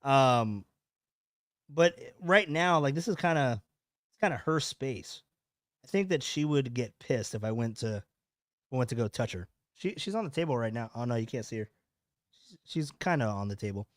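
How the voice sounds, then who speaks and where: A man's voice: medium pitch, lively intonation, moderate pace, pauses often, no echo, clean studio sound. A man hosting a live podcast, rambling casually and repeating his words as he chats with viewers. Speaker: podcast host. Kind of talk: casual live-stream chat.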